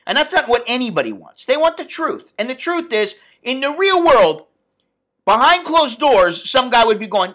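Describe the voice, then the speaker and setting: American man vlogger, profane and blunt, ranting casually in a bright voice. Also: extremely high pitch, big pitch swings, moderate pace. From United States. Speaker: expat vlogger. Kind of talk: casual vlog rant.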